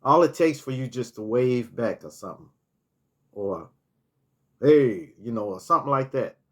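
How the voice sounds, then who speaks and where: With a mid-range voice, lively intonation and a moderate pace, a middle-aged vlogger tells casual stories. His storytime monologue rambles, with restarted words and "you know" used as filler while he remembers.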